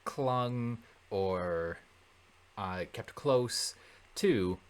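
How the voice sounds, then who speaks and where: A man working through a Latin translation in a relaxed lesson, thinking aloud with many fillers and self-corrections. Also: lowish voice, extremely slow, smooth. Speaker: Latin tutor. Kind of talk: casual translation walkthrough.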